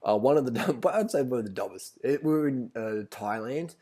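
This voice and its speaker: A man's voice: medium pitch, animated, a little fast, warm tone. A man telling a story in a blunt, rambling, profane vlog rant. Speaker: vlogger.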